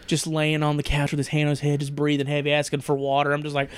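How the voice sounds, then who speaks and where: A man's voice: on the high side, monotone, fast, clear, resonant tone. A man co-hosting a casual film review podcast, talking emotionally, laughing often and swearing a lot. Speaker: podcast co-host.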